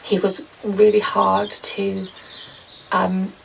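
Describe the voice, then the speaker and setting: Young female garden vlogger, very gravelly low-fry voice, a bit off-mic, faint room noise, chatty and rambling. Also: completely flat delivery, drawn-out words, distant mic, low-quality recording. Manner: chatty, rambling, lots of ums and soft laughs. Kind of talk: casual chat to camera. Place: garden potting shed.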